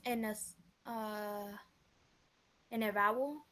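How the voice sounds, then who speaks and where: A woman's voice: medium pitch, fairly even intonation, slow, fairly bright tone. A female student reading aloud in class and answering in a hesitant way.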